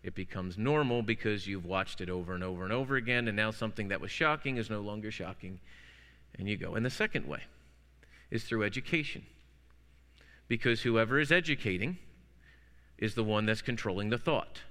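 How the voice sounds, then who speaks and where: A man's voice: on the low side, animated, a little fast, a bit bright. A man preaching a sermon as pastor, telling classroom anecdotes with playful wordplay. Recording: long hall reverb.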